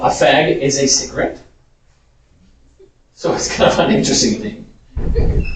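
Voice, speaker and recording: Lively male teacher, amused and chatty, miked from afar in a roomy hall. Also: on the high side. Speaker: Spanish teacher giving a talk. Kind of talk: informal lecture. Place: large echoey parish hall. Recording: echoey hall, distant mic.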